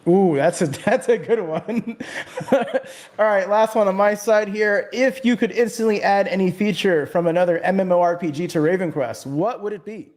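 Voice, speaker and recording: A man's voice: sits high, moderate pace, darkish tone. A man hosting a gaming podcast in a laid-back, casual way, laughing easily. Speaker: podcast host.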